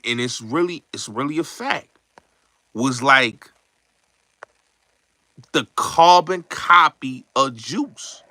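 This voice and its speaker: A man, hosting a show, chatting casually and acting out movie lines in slangy, animated talk. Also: a little high, dry recording. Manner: slangy, repeats yo and son. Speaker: show host.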